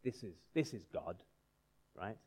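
A man in his thirties preaches in a conversational way and questions his audience. His fairly low, slightly rough voice is expressive and unhurried, with a darkish tone.

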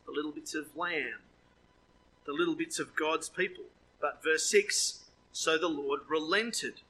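A man preaching a sermon, lively with joking asides, his voice leaping up when he quotes. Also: on the high side, unhurried, husky, poor audio.

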